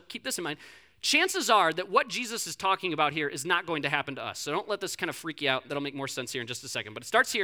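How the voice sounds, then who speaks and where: Young male pastor, high and very bright voice, lively storyteller, casual fillers. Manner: animated storytelling, acts out quotes, frequent fillers and restarts. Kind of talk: sermon with a personal story.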